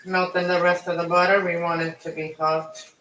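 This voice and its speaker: A cooking vlogger chats casually with his live-stream audience while cooking in his home kitchen, rambling and correcting himself as he goes. His voice is a little high and sharp, with little pitch movement and a normal speed. The camera mic sits away from the stove, so the sound is echoey and distant with faint noise.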